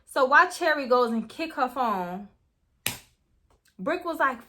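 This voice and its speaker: A young woman telling a story in a casual, animated way. She swears freely and keeps talking straight to her viewers. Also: high-pitched, measured pace. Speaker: storytime vlogger.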